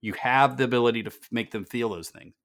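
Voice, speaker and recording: A man's voice: mid-range voice, quick pace, a bit bright. A man hosting a business podcast, telling stories earnestly and repeating words for emphasis. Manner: earnest storytelling, emphatic repetition. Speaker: podcast host.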